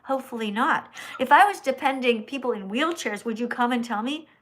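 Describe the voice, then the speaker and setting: A woman's voice: fairly high pitch, expressive, fairly bright tone. Blunt scolding woman livestream host. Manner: slow, emphatic lecturing. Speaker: livestream host reading donations. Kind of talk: live stream chat.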